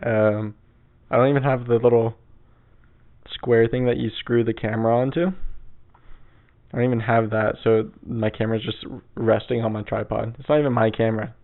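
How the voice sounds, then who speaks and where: A young man chats through a solo podcast from his bedroom, rambling and swearing in a laid-back way. His mid-pitched voice has a gravelly fry. The old mic gives the recording a tinny, phone-like narrowness. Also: little pitch movement, moderate pace, pauses often. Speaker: podcast host. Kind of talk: casual solo podcast storytelling. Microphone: old mic on a stand.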